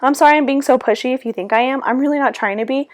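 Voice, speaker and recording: A woman's voice: high-pitched, very fast, dry recording, clean studio sound. Sassy, breathless young woman. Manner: sassy, rambling, chatty with slang. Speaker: vlogger. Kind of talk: casual voiceover chat. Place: her room.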